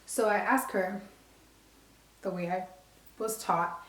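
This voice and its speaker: Woman, casual storyteller, animated, roomy echo. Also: mid-range voice, takes it slowly. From Bronx, New York. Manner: animated, acts out quoted dialogue. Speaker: vlogger.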